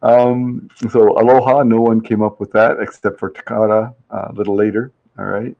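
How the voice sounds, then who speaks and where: A man's voice: fairly low pitch, little pitch movement, moderate pace, vocal fry, dull audio. A man hosting a casual live-stream survey game, chatty and reading viewers' answers aloud with easy laughs. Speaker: livestream host running a survey game.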